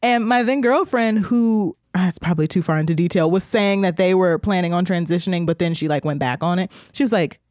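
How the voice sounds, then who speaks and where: Animated laughing woman telling a story. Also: lowish voice, a little fast, few pauses, no echo, clean studio sound. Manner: animated, laughing, acts out quoted voices. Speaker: podcast co-host. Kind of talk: casual storytelling chat.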